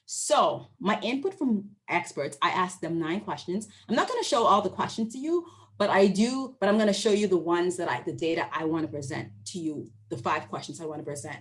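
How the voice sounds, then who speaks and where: A woman researcher gives an academic presentation to an online audience. She speaks conversationally, poses questions to her listeners and often checks in with them. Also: on the low side. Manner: acts out her interviewees' voices when quoting them. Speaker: university researcher presenting findings.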